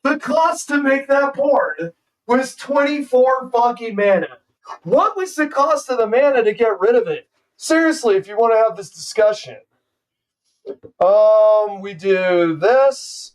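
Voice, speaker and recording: Commenting live on his card game stream, a man swears and rants at his opponent in profane trash talk. His very high voice is animated and measured in pace, recorded on a distant mic.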